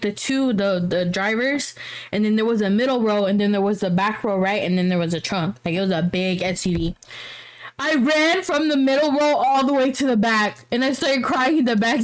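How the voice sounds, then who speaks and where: Animated young woman telling a story. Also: fairly high pitch, moderate pace. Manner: animated, swearing, slangy retelling. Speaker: podcast co-host. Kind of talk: casual storytelling chat.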